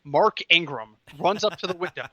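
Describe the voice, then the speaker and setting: A man co-hosting a football podcast, chatting casually and telling stories in an animated, excitable way. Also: on the high side, moderate pace, no echo, lo-fi sound. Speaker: podcast co-host. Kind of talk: casual sports chat.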